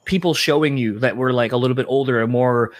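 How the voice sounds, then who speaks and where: A man's voice: mid-range voice, fast. Man, podcast host, casual chat, reflective, rambling. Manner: rambling, reflective, many fillers.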